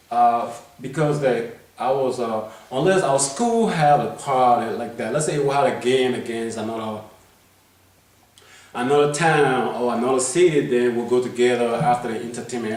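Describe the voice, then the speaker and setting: A man's voice: medium pitch, normal speed, a little mellow. A man tells a story from his life in a loose, rambling way, restarting his sentences and checking in with his listener. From Liberia. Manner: rambling, many restarts, keeps asking "you know what I'm saying". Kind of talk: casual life-story telling. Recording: very echoey room, mic far off.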